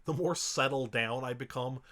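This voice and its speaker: A man's voice: mid-range voice, moderate pace, a bit bright. A man co-hosting a casual movie review podcast. He rambles with passion, swears often and gets emotional. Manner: emotional, chokes up. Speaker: podcast co-host.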